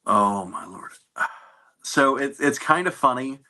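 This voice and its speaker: A man in an interview, telling stories about his navy service in a relaxed, anecdotal way with fillers and restarts. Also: medium pitch, slow. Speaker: navy veteran guest. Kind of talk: casual interview storytelling.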